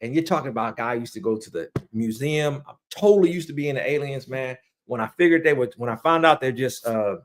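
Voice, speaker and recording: An online ranter reviewing movies and shows, this man talks casually to his viewers, excitable and rambling, repeating himself. When he gets worked up, his voice cracks high.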